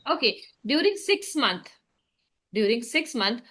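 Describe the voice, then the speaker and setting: Bright-voiced woman asking questions. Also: a little high, big pitch swings, unhurried, slight background noise. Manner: encouraging, asks questions, frequent okays. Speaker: interviewer, English practice partner. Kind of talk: casual conversation practice.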